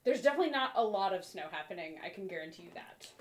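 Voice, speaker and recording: Give me a chatty, upbeat woman player with a middle-pitched voice. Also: expressive, racing, roomy sound. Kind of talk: tabletop game play.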